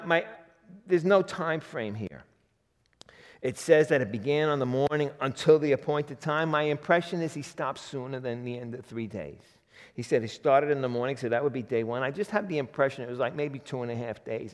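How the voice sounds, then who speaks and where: A man preaching a sermon in a lively, folksy way, acting out quotes as he goes. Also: medium pitch, normal speed, in a large hall. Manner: animated, folksy, acts out God's voice in quotes. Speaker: pastor.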